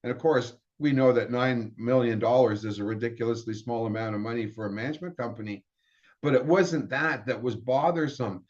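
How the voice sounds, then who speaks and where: A man's voice: mid-range voice, a little fast, a little mellow. A middle-aged man telling his career story in a casual way, with restarts and acted-out quotes. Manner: rambling, with restarts and quoted dialogue. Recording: dull lo-fi sound.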